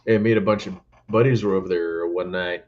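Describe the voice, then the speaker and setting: A man's voice: sits low, quick pace, lo-fi sound, slight background noise. A man hosting a podcast, telling stories in casual chat and laughing often. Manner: animated storytelling, laughs often. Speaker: podcast host.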